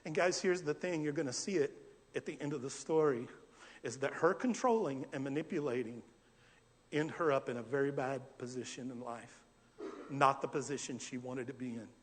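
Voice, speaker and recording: A male pastor preaching a verse-by-verse sermon in a church, asking lively rhetorical questions and acting out scenes. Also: mid-range voice, normal speed. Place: church sanctuary. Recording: long church hall reverb.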